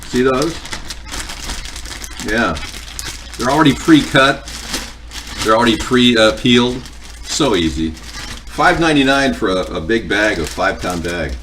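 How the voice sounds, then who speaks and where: A man's voice: mid-range voice, lively intonation, unhurried, pauses often, fairly bright tone, distant mic, a little hiss or hum. A man hosting a cooking livestream at home, chatting casually and joking with viewers in a rambling way. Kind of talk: casual chat answering viewer comments. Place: home kitchen.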